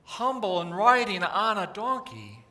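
Bright high-voiced man preaching in a reverberant hall. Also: unhurried. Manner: animated, acts out crowd cries. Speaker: pastor. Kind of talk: sermon storytelling.

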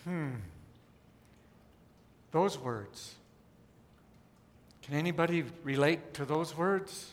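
A man preaching a sermon in a conversational way, with wry asides and dramatic pauses, in what sounds like a church sanctuary. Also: a little high, long reverb tail. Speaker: pastor.

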